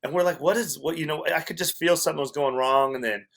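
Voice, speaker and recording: A man's voice: a little high, fast talker, creaky, a bit bright. A man telling a long personal story as a podcast guest, wry and self-mocking, often laughing at himself. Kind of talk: storytelling in a casual chat.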